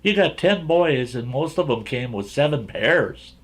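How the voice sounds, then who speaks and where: A man's voice: medium pitch, lively intonation, measured pace. A man hosting his own channel, telling a folksy, rambling story from his younger days and often chuckling as he goes.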